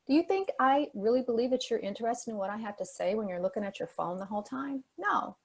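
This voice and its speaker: A woman's voice: a little high, a little fast, creaky, slightly rough, low-quality recording. Emphatic woman giving a motivational talk. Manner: energetic, emphatic, repeats key phrases. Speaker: guest speaker. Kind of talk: motivational talk to a youth forum.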